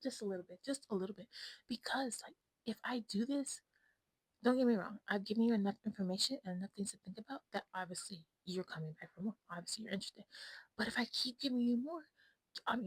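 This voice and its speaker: Breathy higher-voiced woman vlogging. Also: fast talker, no room sound, poor audio. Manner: rambling and blunt, often dropping to a whisper. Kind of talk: casual chat to camera.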